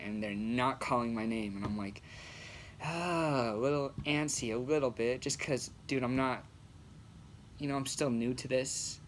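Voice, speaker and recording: A young man, an amateur comic, telling a story in a relaxed, slangy way with plenty of swearing. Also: mid-range voice, slight background noise. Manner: laid-back, slangy, swears freely. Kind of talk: casual storytelling.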